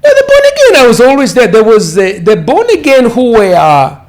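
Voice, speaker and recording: A man's voice: very high voice, wildly swooping pitch, moderate pace. A man in his fifties with a Ugandan accent, a pastor telling his life story in an interview, rambling and repeating words for emphasis. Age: 50s.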